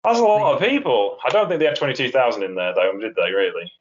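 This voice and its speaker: A man's voice: mid-range voice, animated, fast talker, slight background noise. A man hosting a casual wrestling podcast, chatty and wry with rambling asides. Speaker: podcast host. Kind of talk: casual chat. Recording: dull lo-fi podcast audio.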